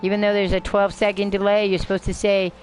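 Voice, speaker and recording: A woman's voice: mid-range voice, little pitch movement, quick pace, a little mellow. An older woman rambling through live gameplay commentary, chatting to herself and her viewers and swearing now and then. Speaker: game streamer. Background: game music.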